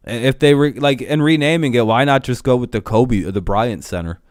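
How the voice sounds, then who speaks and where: A man's voice: medium pitch, fairly quick, no room sound, clean studio sound. A young man ranting casually to his live-stream chat, swearing a lot, laughing often and getting heated.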